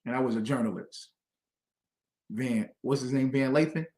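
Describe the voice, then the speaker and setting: A man teaching as a religious instructor, combative and preachy, with loud emphatic bursts. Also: mid-range voice, moderate pace, echoey room. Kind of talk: fiery teaching commentary.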